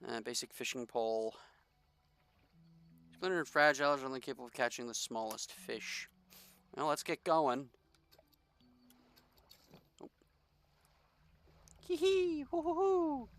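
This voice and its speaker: A man's voice: mid-range voice, unhurried, pauses often, fairly bright tone, smooth. A man giving casual gameplay commentary, jokey and sarcastic, reading the game text aloud as he plays. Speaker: gaming streamer.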